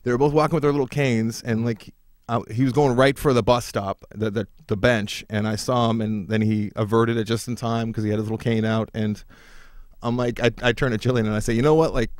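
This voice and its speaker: A man's voice: mid-range voice, fairly even intonation, a little fast, no room sound, studio quality. A man co-hosting a casual comedy podcast, telling rambling, self-mocking stories. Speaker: podcast co-host.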